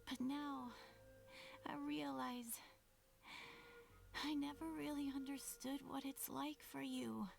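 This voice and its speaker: A dying, gentle young sibling in a game cutscene, saying a soft and halting farewell. The voice sits high with a gravelly fry at the edges. Words come slowly, with long pauses between them. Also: female voice, steady tone, faint music behind, heavily acted. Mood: tender. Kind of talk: video game cutscene voice acting.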